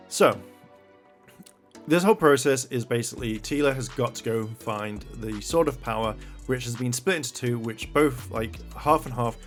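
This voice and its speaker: A man reviewing a show in a blunt, rambling rant full of swearing. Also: mid-range voice.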